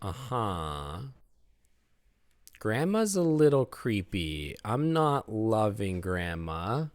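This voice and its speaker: A man's voice: fairly low pitch, big pitch swings, drawn-out words, no echo. A man commentating a game on a live stream, playful and joking. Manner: playful, joking, laughs often.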